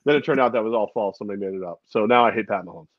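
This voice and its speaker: A man co-hosting a sports podcast, telling stories in a casual, animated way with lots of laughing. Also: lowish voice, rapid-fire, no echo, dull audio. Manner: animated storyteller, laughs a lot.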